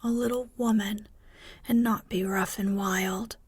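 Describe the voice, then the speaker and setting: Woman doing tomboyish wild teen girl, whispered role-play, husky whisper, dry. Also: medium pitch, steady tone, unhurried, no echo. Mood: resolved.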